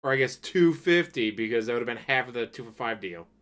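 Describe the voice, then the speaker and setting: A man hosting a reaction channel, telling casual stories in a relaxed, profane way on a desk microphone. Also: mid-range voice, quick pace. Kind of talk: casual anecdotal commentary. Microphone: desk USB microphone.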